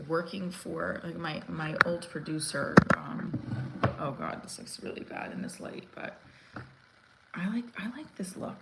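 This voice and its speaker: This livestream host, a comedian in her forties, has a lowish voice with vocal fry. She chats casually from a room at home, rambling and restarting with lots of fillers, and the echoey space carries faint ambient noise.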